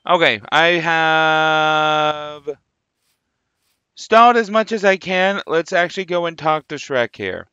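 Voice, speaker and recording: A man's voice: high voice, very animated, normal speed, hardly any pauses, pushed and bright, clear, resonant tone, no echo, dull audio. A man hosting a gaming video, chatting casually and musing aloud with jokey asides as he plays. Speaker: gaming channel host. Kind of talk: casual gameplay commentary.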